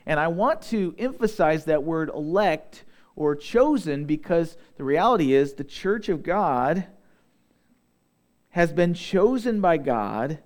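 A young man preaches in a fairly high voice. He reads scripture aloud and stretches out key words when he wants them to land. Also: a little mellow. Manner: earnest preaching, slowing for emphasis on scripture. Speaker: pastor. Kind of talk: sermon.

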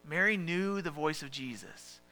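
A man preaching a sermon as pastor, talking conversationally and asking the listeners questions, often dropping to a soft hush. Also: on the high side, animated, unhurried, soft background music.

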